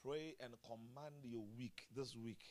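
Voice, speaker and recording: A male pastor preaching a sermon at a church service, chuckling often and swinging from quiet murmurs to loud exclamations. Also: medium pitch, steady tone, a little slow.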